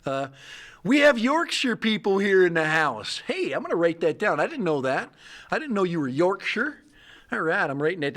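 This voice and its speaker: A middle-aged man from the United States hosts a casual livestream. He rambles, jokes and reads comments aloud in a slightly higher voice. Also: fairly bright tone. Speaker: livestream host.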